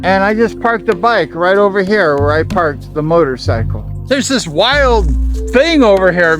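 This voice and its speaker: An excitable man with a high-pitched voice, telling his story while vlogging outdoors high on a mountain. Music runs clearly beneath his voice. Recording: music playing underneath.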